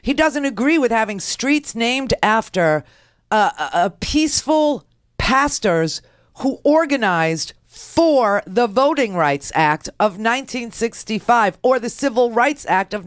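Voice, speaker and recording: A woman's voice: sits high, no room sound. Female talk radio host, sarcastic political commentary, dry close sound. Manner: indignant, sarcastic.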